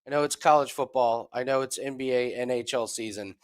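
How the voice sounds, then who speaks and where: A man, a sports handicapper, pitching betting specials in a matter-of-fact promotional tone. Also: brisk.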